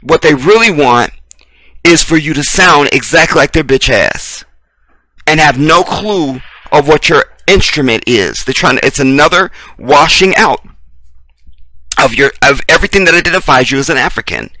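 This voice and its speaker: A blunt American man delivers a heated, preachy monologue full of profanity, repeating short phrases for emphasis. His voice is bright and pointed. It is recorded close on a dry mic with no room sound. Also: a little high, animated, moderate pace, no echo. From United States. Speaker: video commentator. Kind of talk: impassioned commentary rant.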